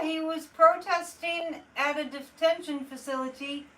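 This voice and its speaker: A woman's voice: a little high, a little slow, a bit bright. A woman hosting a casual live stream as a psychic, chatting in a loose, exasperated way and answering viewer comments as she goes. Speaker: psychic livestream host. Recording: distant mic with faint room noise.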